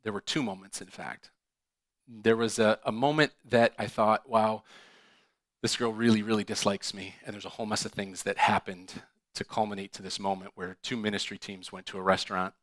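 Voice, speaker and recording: A male pastor telling a personal story in a sermon, animated and acting out the dialogue with laughs. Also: fairly low pitch, moderate pace, no room sound. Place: church.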